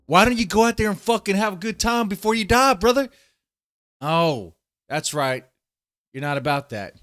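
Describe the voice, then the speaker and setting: A man from Texas ranting on a livestream, profane and heated, swinging between loud outbursts and low muttering. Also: expressive, moderate pace, soft background music. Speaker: streamer. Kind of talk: livestream rant.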